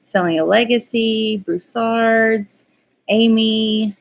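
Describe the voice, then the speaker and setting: A woman's voice: on the high side, fairly even intonation, slow. A woman co-hosting a casual homestead livestream, laughing often and greeting viewers by name. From Kentucky. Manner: giggly, reads out viewer names. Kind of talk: casual live chat.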